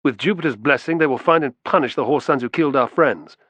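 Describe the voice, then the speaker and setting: A man's voice: medium pitch, fast, a bit bright, no room sound, voice pushed up, natural voice. A man voicing a confident, earnest young soldier.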